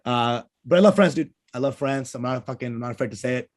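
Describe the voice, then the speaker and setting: Male comic, casual chat, profane and quick to laugh, mid-pitched, video-call audio. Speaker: co-host, stand-up comedian.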